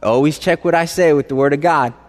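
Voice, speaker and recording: High-voiced man preaching in a reverberant hall. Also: fairly quick. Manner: conversational, asks the congregation questions; emphatic, repeats phrases for stress. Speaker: pastor. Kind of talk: sermon.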